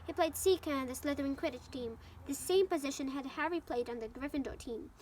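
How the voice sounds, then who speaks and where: A woman's voice: sits high, a little fast, a little mellow, slight background noise. A woman with Ukrainian as her first language reading a novel aloud in English, with occasional slips and restarts. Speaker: storybook reader.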